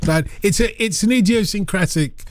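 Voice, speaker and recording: A man's voice: moderate pace, dry recording. A man hosting a radio phone-in, chatting casually and playfully with callers. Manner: chatty and playful, with lively pitch swings. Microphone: studio microphone.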